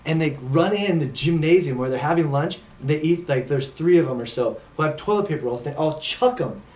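A man's voice: fairly high pitch, expressive, fairly quick, a little mellow. Man telling a story in an echoey room. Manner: rambling, laid-back anecdote teller. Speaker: podcast co-host. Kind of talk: casual storytelling chat.

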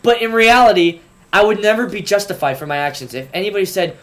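A young man in college telling a funny story in casual chat, animated and rising to outraged bursts. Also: sits high, quick pace. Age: young adult. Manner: animated storyteller, voice jumps up when acting outraged.

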